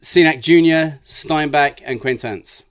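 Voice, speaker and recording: A man's voice: fairly high pitch, unhurried, smooth, dry recording, studio quality. A man with an Irish accent co-hosting a casual podcast, hesitant and self-mocking. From Ireland. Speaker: podcast co-host. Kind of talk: casual roundtable chat.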